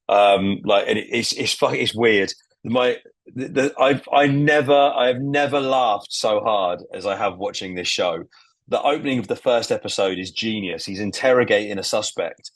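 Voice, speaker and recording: Excited man in casual podcast chat. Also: fairly low pitch, no room sound. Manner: enthusiastic, swearing, acting out scenes. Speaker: podcast co-host.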